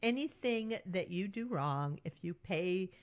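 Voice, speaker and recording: A woman's voice: on the low side, animated, measured pace, dull audio. A middle-aged woman hosting a solo podcast, speaking frankly and reassuringly and often checking in with "right?". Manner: warm, reassuring and frank, with frequent "right?" tags. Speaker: podcast host.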